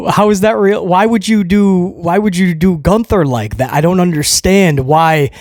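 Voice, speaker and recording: A man's voice: high-pitched, a little mellow, no echo, clean studio sound. A man hosting a casual wrestling commentary show, ranting with sarcasm and mocking people in put-on voices.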